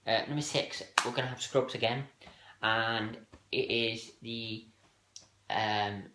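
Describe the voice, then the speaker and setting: A man's voice: mid-range voice, fairly even intonation, slow pace, noisy background. A man hosting a casual countdown video, talking hesitantly with many fillers and restarts. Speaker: video host ranking TV moments. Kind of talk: casual solo countdown talk. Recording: echoey room.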